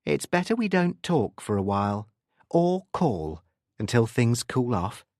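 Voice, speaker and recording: A guarded accomplice brushes off a panicking friend in a calm, slightly irritable tone, as a male narrator voices him. The reading is close and dry, with a lively rise and fall. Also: medium pitch, measured pace, no room sound. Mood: evasive. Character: evasive male accomplice on the phone.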